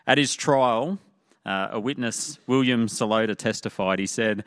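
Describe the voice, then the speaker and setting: A man preaching a sermon in a conversational way, often pausing with "uh". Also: medium pitch, fairly bright tone, no echo, clean studio sound. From Australia. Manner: conversational, with frequent "uh" fillers. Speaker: pastor.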